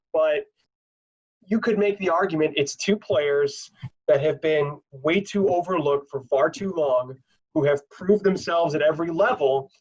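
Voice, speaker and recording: Man, interviewer, fairly high voice, long rambling questions, dull lo-fi audio. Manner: reads fan questions aloud, asks long rambling questions. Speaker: team broadcaster and interviewer. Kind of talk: casual interview.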